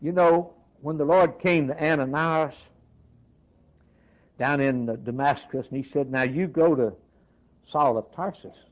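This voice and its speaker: A man preaching a sermon in a fairly high voice, rising to emphatic peaks and then dropping almost to a murmur. He leans on repetition to drive each point home. The recording is dull and lo-fi. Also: a little slow, long pauses. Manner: preaching with swells and hushed drops, repeating phrases. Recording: dull lo-fi sound.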